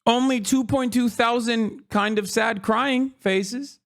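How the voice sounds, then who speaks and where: High-voiced man in profane, sarcastic commentary. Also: steady tone, takes it slowly, gravelly, hardly any pauses, a bit bright. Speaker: streamer and political commentator. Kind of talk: livestream commentary.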